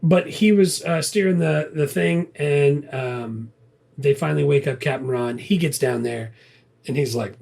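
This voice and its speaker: A man with a gravelly, husky voice and a slightly higher pitch, co-hosting a casual movie review podcast. He rambles through his thoughts with restarts and chuckles often. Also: measured pace, a little mellow. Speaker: podcast co-host.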